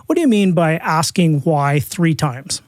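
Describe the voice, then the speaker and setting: A man hosting a podcast, asking an interview question in a halting way and repeating words. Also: fairly high pitch, expressive, dry recording, studio quality. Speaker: podcast host.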